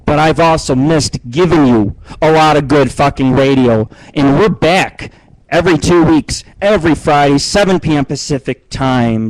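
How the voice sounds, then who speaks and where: A man hosts a live internet radio show from his home, talking into a computer mic. His voice sits a little high for a man and sounds close and dry. He rambles and boasts, swears freely, and keeps restarting his sentences with fillers. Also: a little mellow, no echo, poor audio. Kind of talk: crude casual live-stream talk. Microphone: computer mic on a live webcam stream.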